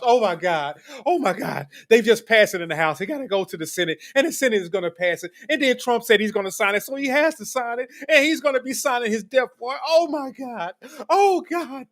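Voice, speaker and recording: A man voicing a giddy male political opponent who squeals, sobs with glee and shouts praise. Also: high voice.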